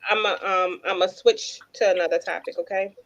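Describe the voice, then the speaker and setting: A woman's voice: fairly low pitch, steady tone, fairly quick, highs cut off, a crowd in the background. A woman co-hosting a casual podcast chat, reading listener comments aloud and steering the topics. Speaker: podcast co-host.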